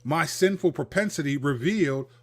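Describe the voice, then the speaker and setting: Animated man with a higher voice. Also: normal speed. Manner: animated and conversational, acting out quoted speakers. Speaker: host, Christian counselor. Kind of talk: livestreamed Christian teaching monologue.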